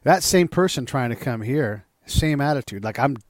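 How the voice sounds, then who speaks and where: A man's voice: medium pitch, expressive, moderate pace, no echo. Guy hosting a podcast, gets choked up easy, dry close sound. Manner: warm-hearted, openly emotional. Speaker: podcast host. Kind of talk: casual interview.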